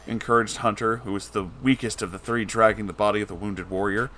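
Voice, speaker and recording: A man's voice: on the low side, level tone, fairly quick, sharp tone. A man reading a storybook tale aloud in a theatrical narrating manner. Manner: theatrical, switches into voices for characters. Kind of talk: dramatic storybook reading with character voices.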